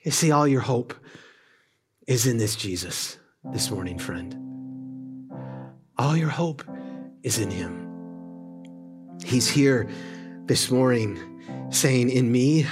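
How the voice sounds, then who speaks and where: A man preaching a sermon at a church service, impassioned, often sinking to hushed, intimate tones. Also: mid-range voice, lively intonation, slow, pauses often, over music. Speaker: pastor.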